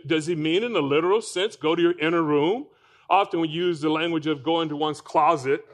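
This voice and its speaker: A man preaching a sermon to a congregation, asking them rhetorical questions. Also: a little high. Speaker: pastor.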